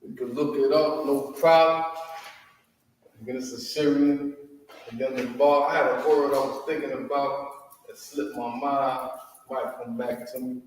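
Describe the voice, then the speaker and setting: A man teaching a class in a slow, informal way, asking his students for questions, recorded from far off in a large echoey room. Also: mid-range voice, fairly even intonation, a little hiss or hum.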